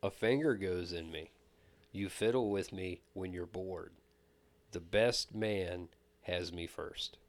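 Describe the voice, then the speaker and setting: Low-voiced man telling stories. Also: slow pace. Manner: storytelling, animated when quoting others. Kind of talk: casual chat.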